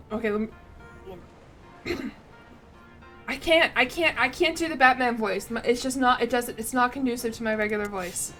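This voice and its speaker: A woman's voice: fairly high pitch, moderate pace, pauses often, fairly bright tone, soft background music. A woman game streamer chatting casually and rambling a little, reading chat and poking fun at herself as she plays. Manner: chatty, rambling, self-deprecating, reads out chat.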